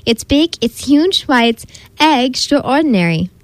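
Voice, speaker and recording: A woman's voice: high voice, expressive, unhurried, dry recording. A woman voicing a town mayor who makes showy announcements to a crowd in a read-aloud storybook. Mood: announcing.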